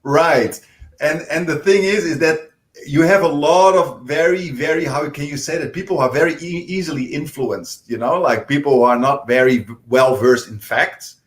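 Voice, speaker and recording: A man's voice: fairly high pitch, normal speed. A male panel guest in a political discussion, explaining his points earnestly with many hesitant restarts. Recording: echoey room.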